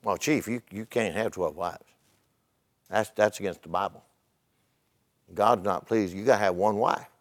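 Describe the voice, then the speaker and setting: An older man voicing an earnest male missionary inside a joke in his sermon, with his voice lowered. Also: fairly even intonation, very fast, few pauses, a little mellow, natural voice.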